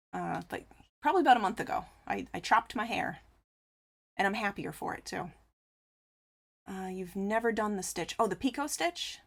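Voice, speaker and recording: A woman's voice: mid-range voice, animated, normal speed, gravelly, long pauses. A woman chatting casually on a live crochet stream, reading out viewer messages and answering them with frequent laughs. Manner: chatty, reads chat aloud and answers, laughs often.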